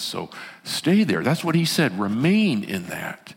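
A male pastor preaching a sermon in an animated way, swinging from loud to hushed, heard in a reverberant church hall. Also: medium pitch, a little slow, creaky, breathy edge.

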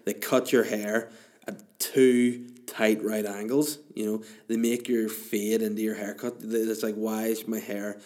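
Man in his thirties, low-pitched, podcast host, rambling comic monologue. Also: little pitch movement, measured pace, a little mellow. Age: 30s. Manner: rambling, jokey, self-interrupting. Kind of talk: casual comedic monologue. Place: room alone. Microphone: podcast microphone.

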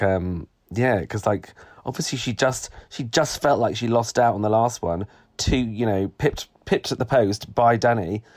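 A man co-hosting a podcast in casual chat, cheeky and teasing, quick to laugh. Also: mid-range voice, a little mellow. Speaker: podcast co-host.

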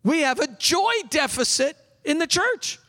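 A male pastor preaching an exuberant sermon. He bursts into yelling at times and leads the congregation in call-and-response. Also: very high voice, expressive, measured pace, big-room sound. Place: church sanctuary.

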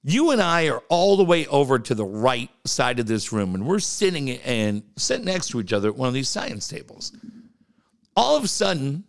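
Gravelly, animated man telling stories. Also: fairly high pitch. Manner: animated, profane, laughs through his stories. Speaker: podcast co-host. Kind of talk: casual chat, storytelling.

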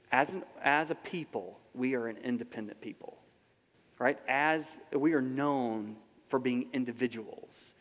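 A man preaching a sermon in a conversational way to a live congregation, often asking rhetorical questions. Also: medium pitch. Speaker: pastor. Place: large hall with a live congregation. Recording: long hall reverb.

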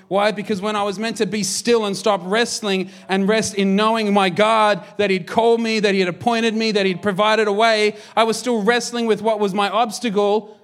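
A man in his thirties, a pastor, preaching a sermon in an energetic, jokey, conversational way. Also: high-pitched.

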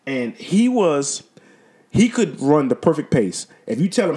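Brief: middle-aged male podcast host, high voice, earnest encourager, stumbles and repeats himself. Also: very animated, moderate pace, darkish tone. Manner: repetitive, stumbling, earnest and exhortative. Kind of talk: motivational podcast monologue.

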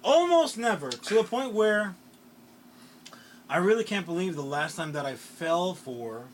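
A male podcast co-host in casual comedic chat, animated and swearing freely, breaking into theatrical outbursts. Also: a little high, unhurried, slight background noise.

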